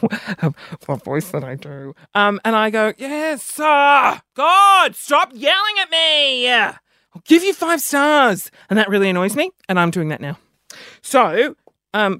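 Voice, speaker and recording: A man's voice: high voice, fairly bright tone, dry recording. Male podcast host, solo chat, rambling and self-deprecating, sniffs between lines, dry close mic. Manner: rambling, self-mocking, quick asides; audible sniffing between phrases.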